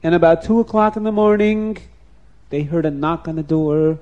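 A man telling a story to children in a lively, expressive way, dropping soft and rising loud. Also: on the high side, normal speed, muffled recording.

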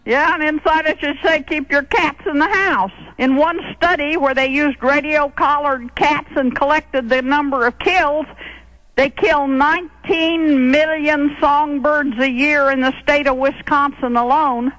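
Woman prank-call target on a phone line; polite, prim, bright high voice, dry. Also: steady tone, a little slow, dry recording. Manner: polite, mild, prim exclamations. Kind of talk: phone conversation.

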